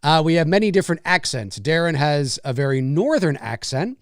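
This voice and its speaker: Canadian male live-show host, rambling, animated, slightly high voice, dry sound. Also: a little fast, dry recording. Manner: rambling, animated, swears freely. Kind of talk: casual live-stream chat.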